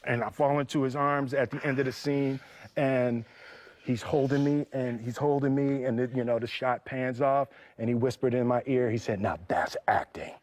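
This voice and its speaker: A man in his fifties telling a story in a casual, animated way, acting out quotes and laughing. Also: mid-range voice, normal speed. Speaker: actor and reunion guest.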